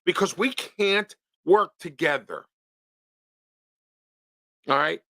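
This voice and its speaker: A man's voice: fairly high pitch, unhurried, pushed and bright, no room sound. A man hosting an opinion talk show in a studio, ranting with rhetorical questions and repeating himself.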